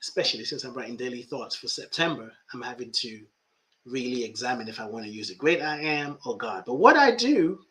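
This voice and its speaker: A man's voice: mid-range voice, lively intonation, a little fast, a bit bright. A man who is a life coach and podcast host, talking reflectively about spirituality and often repeating phrases for emphasis.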